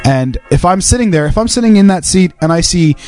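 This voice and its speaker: A man's voice: sits high, lively intonation, brisk, darkish tone, soft background music. A man hosting a podcast, trading crude, mocking banter with blunt, heavy swearing. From Wales. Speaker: podcast host.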